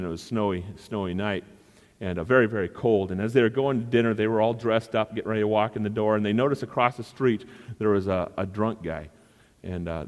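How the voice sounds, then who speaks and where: Male pastor, sermon, lowish voice, earnest, repeats phrases, long reverb of a hall.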